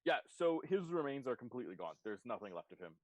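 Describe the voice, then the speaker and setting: A man's voice: mid-range voice, quick pace, no echo, poor audio. Man game master, tabletop narration, dry close sound. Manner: relaxed, filler-heavy narration.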